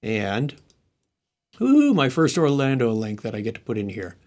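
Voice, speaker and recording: A man hosting a casual live tech stream, talking himself through each step and trailing off into muttered asides. He has the hiccups, and his pitch sits in the middle for a man. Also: wildly swooping pitch, moderate pace, darkish tone. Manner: thinks aloud while typing, muttering asides. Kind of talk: casual screen-share tech walkthrough.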